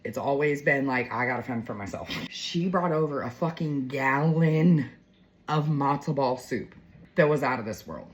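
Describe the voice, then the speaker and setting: A woman's voice: rumbling low, normal speed, low-quality recording. A woman in her forties telling a heartfelt story to her viewers in a chatty, emotional way, full of fillers. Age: 40s. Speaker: vlogger.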